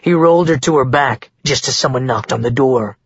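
Husky male audiobook narrator, dry booth sound. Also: mid-range voice, a little fast, no echo, highs cut off. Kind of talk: scripted narration.

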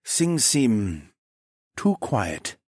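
A man voicing a cautious adventuring companion who speaks in measured warnings, in a read-aloud story. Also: medium pitch, sing-song, darkish tone, dry recording, studio quality, full character voice. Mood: hushed.

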